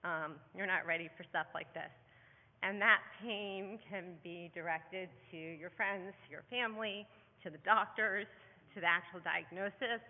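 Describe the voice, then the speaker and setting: A woman speaks earnestly to a room of parents at a conference, often pausing on ums and restarting her sentences. Her voice rings out with the long reverb of a large hall, and the sound is thin and narrow, like a phone line. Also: on the low side. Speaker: parent speaker at a heart-condition symposium. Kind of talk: conference talk.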